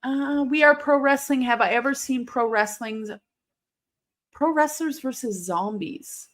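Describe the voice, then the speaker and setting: A woman hosts a relaxed live watch-along, talking at an unhurried pace in a fairly high voice. She chats with her viewers between matches and bursts into excited shouts at big moments. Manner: chatty, reads and answers live chat; sudden excited outbursts at the action. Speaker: live stream host.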